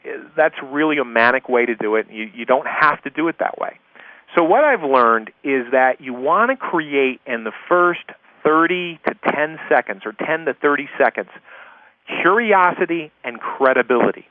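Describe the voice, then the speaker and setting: A man's voice: on the high side, animated, moderate pace, dry recording. A man giving a chatty recorded lesson on sales prospecting, repeating key points and checking in with his listeners. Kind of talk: conversational recorded course lesson. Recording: tinny phone-line audio, dry.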